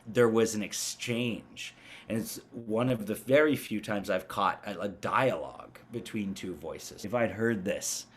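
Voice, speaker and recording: Male guest in his thirties, lowish voice, rambling casual storyteller, many restarts. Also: a little slow, husky. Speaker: guest, amateur paranormal investigator.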